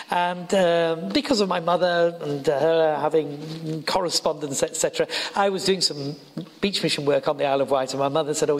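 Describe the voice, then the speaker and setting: A man's voice: fairly high pitch, a bit bright. A middle-aged man with a northern English accent preaching a sermon as an evangelist, telling stories earnestly and building to emphatic peaks. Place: college chapel. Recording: reverberant hall.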